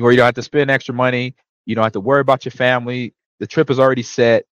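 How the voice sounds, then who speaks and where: A man's voice: mid-range voice, no room sound, poor audio. Easygoing guy spinning old locker room stories, dry close sound, laughs a lot. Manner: relaxed, laughs often, acts out quotes. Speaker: show host, former running back. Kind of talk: casual storytelling.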